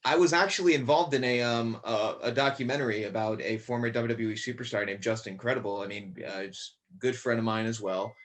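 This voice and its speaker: A man's voice: mid-range voice, fairly quick, hardly any pauses. Rambling young man from Connecticut. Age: about 20. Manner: rambling, many fillers and restarts. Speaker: guest, young actor. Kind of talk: casual podcast interview.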